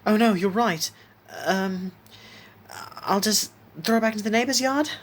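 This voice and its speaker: A shrill young boy. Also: big pitch swings, unhurried, fairly bright tone, a little hiss or hum, exaggerated voice. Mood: panicked. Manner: squealing, high falsetto.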